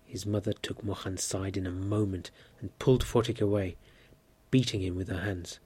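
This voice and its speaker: A man reading a story aloud at a measured pace, lifting his voice for the characters' shouts. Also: low voice, husky. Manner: steady, measured reading with lively lifts for quoted cries. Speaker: narrator.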